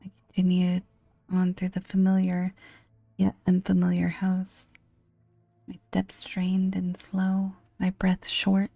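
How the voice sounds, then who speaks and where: A woman reading a horror game aloud in a hushed, breathy whispered role-play. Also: mid-range voice, flat delivery, takes it slowly, pauses often, dry recording, soft background music. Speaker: game narrator.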